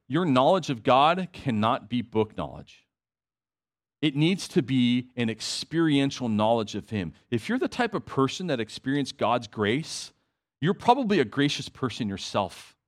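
A man's voice: medium pitch, sing-song, unhurried. A man preaching a sermon to his congregation, conversational with emphatic repetition and asides. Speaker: pastor.

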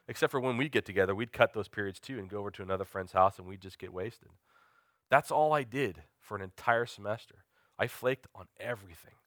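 A man's voice: medium pitch, a bit bright, no room sound, studio quality. A man, preaching an earnest sermon that mixes personal testimony with questions to the congregation. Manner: earnest, confessional, asks the listeners questions.

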